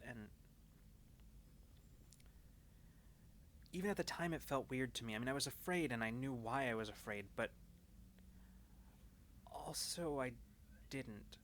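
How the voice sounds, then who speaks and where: A man voicing a woman pilot in a tabletop game, speaking quietly and haltingly, full of hesitation. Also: medium pitch, a little hiss or hum. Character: anxious, hesitant female pilot.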